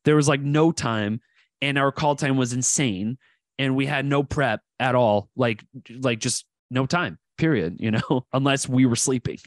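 A man's voice: medium pitch, unhurried, no echo. A man co-hosting a podcast, telling stories loosely with lots of fillers and swearing. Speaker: podcast co-host. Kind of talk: casual podcast chat.

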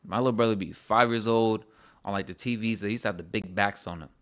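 A man's voice: on the low side, fast talker, fairly bright tone. A man co-hosting a podcast in casual, rambling chat, laughing often as he talks. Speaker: podcast co-host.

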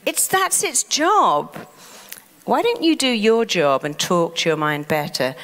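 English woman giving an animated self-help talk. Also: on the low side, unhurried, big-room sound. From England. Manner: animated, acts out the mind talking back. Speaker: therapist and self-help speaker. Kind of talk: motivational talk.

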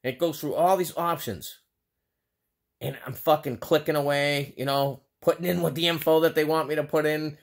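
Man, Boston accent, fairly high-pitched, exasperated, sarcastic, cursing storytime rant. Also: steady tone, normal speed, gravelly. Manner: exasperated, heavily profane, sarcastic. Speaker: vlogger. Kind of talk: ranting storytime monologue.

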